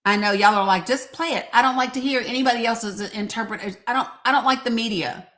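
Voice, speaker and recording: A woman's voice: a little high, brisk, fairly bright tone. A woman hosting a live stream, chatting casually and rambling, talking straight to her viewers and getting openly frustrated. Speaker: livestream host.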